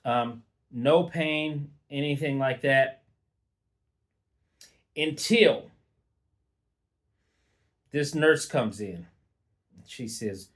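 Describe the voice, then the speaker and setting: A man's voice: mid-range voice, very slow, long pauses. A middle-aged man telling an unscripted personal story in a casual, rambling way, with fillers and restarts. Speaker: vlogger.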